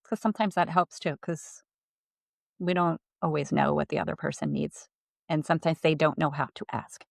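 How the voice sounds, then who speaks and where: A woman's voice: sits low, fairly even intonation, normal speed, vocal fry, no echo, studio quality. A woman co-hosting a podcast, talking candidly in a loose, chatty, everyday way. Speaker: podcast co-host. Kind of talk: casual podcast conversation.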